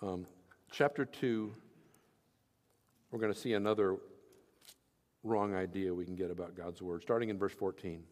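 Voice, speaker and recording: A man's voice: sits low, fairly even intonation, normal speed, pauses often, a little mellow, long reverb tail. A man preaching as pastor, reading scripture and explaining it with everyday examples in an earnest teaching tone. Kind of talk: sermon.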